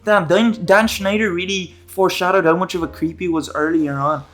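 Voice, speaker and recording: A man's voice: high-pitched, fairly even intonation, brisk, a bit bright. A man recapping a TV episode in casual online commentary, rambling, jokey and profane. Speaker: YouTube commentator.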